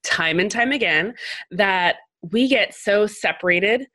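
A woman guest on a podcast, speaking warmly and effusively about her spiritual work. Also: medium pitch, lively intonation, slow pace. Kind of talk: casual interview chat.

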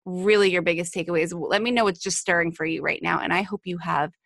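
Earnest woman podcaster with vocal fry. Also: on the low side, fairly even intonation, fast talker, a bit bright, no echo. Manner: earnest, emphatic, repeats phrases for stress. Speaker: podcast host. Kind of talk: heartfelt solo podcast monologue.

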